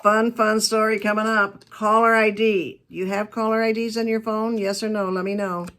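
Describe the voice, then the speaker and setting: A woman's voice: mid-range voice, flat delivery, normal speed, fairly bright tone. Chatty, emphatic woman keynote speaker. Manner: chatty, emphatic storyteller with asides. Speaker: keynote speaker on customer service. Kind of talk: lively talk to a business audience.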